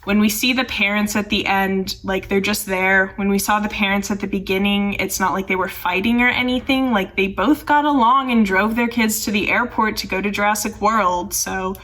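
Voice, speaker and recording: A woman's voice: mid-range voice, fairly bright tone, distant mic. A young woman rambling through a casual film review, full of "like" and sarcastic asides. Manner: chatty, rambling, heavy use of "like", sarcastic asides. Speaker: film commentary YouTuber.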